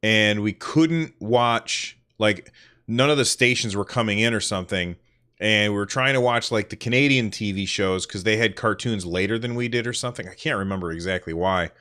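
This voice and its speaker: A man's voice: on the low side, normal speed, pushed and bright. A man from the northern United States hosting a casual solo podcast livestream, telling rambling, self-deprecating stories. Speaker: podcast host.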